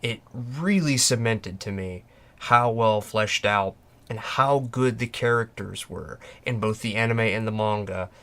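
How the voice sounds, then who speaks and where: A man's voice: on the low side, unhurried, fairly bright tone. A man hosting a casual fan podcast, talking passionately and emphatically, often restarting and acting out quoted lines. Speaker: podcast host. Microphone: podcast microphone.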